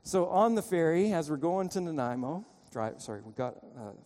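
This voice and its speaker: In the sanctuary, a long reverb follows each phrase as a pastor delivers his sermon at normal speed in a sing-song, fairly high but mellow voice. Telling a story, he pleads urgently with the congregation, his volume shifting dramatically from loud to soft.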